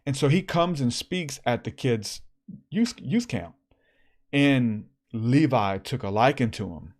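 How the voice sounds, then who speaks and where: A man hosting a podcast, telling a story in a casual, animated way with plenty of fillers. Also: mid-range voice, takes it slowly. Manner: animated, acts out quotes, many fillers. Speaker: podcast host.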